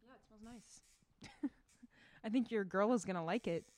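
A young woman chatting casually with friends, excitable and giggly, gushing about things. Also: medium pitch, normal speed. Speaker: friend in a group vlog. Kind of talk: casual chat among friends.

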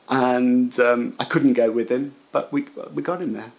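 A man recounting a personal memory in halting, emotional storytelling, with frequent restarts. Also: mid-range voice, fairly even intonation, vocal fry, rough recording. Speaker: interviewee. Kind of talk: personal recollection.

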